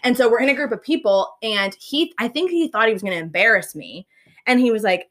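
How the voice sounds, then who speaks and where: A young woman co-hosting a casual chat, telling stories in an animated way with lots of filler words and frequent laughs. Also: a little high, brisk. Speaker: podcast co-host.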